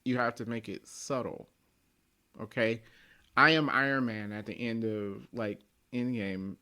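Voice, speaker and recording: Man, podcast host, mid-pitch, animated and playful in casual chat. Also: a little slow, clean tone. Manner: animated, laughs often, acts out lines. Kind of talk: casual movie review chat.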